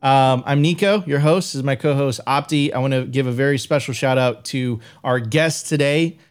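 A man's voice: medium pitch, normal speed, smooth. A man hosting a live stream show, chatting casually and hyping up viewers, with frequent restarts. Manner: upbeat, hype-style sign-off with frequent restarts. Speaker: host.

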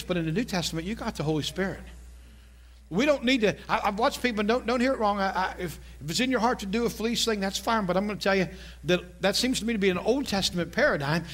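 High-voiced preacher, chatty. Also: male voice, quick pace, a bit bright. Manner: conversational, jokey, asks the congregation questions. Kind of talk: sermon.

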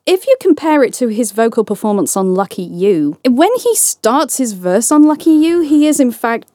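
A woman co-hosting a podcast, talking through songs in lively, analytical chat. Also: a little high, no echo, clean studio sound. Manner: quick, enthusiastic, laughs at her own points. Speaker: podcast co-host. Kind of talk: analytical music discussion.

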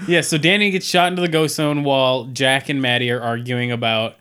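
A man's voice: mid-range voice, fairly even intonation, a little fast, sharp tone, slight background noise. A man hosting a podcast, casually recapping a cartoon episode, laughing often and asking the others questions. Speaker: podcast host. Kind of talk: casual chat.

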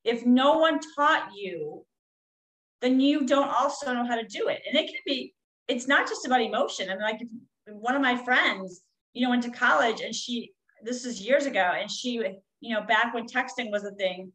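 A woman's voice: a little high, fairly bright tone, rough recording. A woman, a coach, telling a personal story in a candid, rambling way with frequent fillers.

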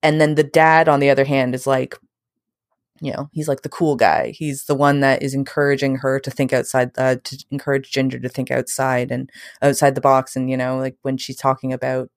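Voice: medium pitch, brisk, vocal fry, no room sound, clean studio sound. A person casually discussing a film, rambling with many fillers. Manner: rambling, filler-heavy, lively. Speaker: film reviewer. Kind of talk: casual film review chat.

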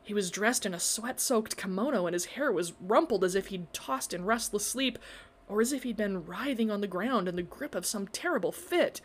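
A woman narrating a story in a measured, expressive reading. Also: medium pitch, breathy edge.

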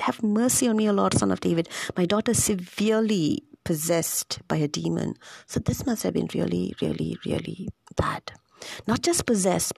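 A woman's voice: lowish voice, vocal fry, darkish tone, slightly rough, no room sound. A woman giving an informal, conversational scripture reflection, thinking aloud and repeating words as she goes.

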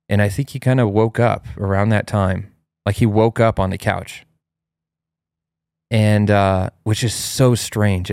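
Low-voiced man telling a story, animated. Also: smooth, no echo, studio quality. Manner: animated, acts out his child's cries in a high voice. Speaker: host. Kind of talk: casual storytelling chat.

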